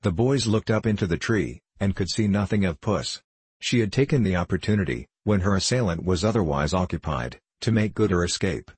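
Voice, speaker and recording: A man narrating an audiobook in a steady, measured reading style. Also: low voice, breathy edge, no echo. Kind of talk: scripted narration.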